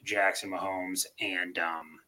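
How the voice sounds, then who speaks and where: Man, podcast co-host: bright, forward tone, phlegmy, rambling casual football chat. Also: low voice, flat delivery, slow, a little hiss or hum. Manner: rambling, restarts and fillers, stat-heavy. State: coughing, throat-clearing, phlegmy. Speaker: co-host, Chiefs fan.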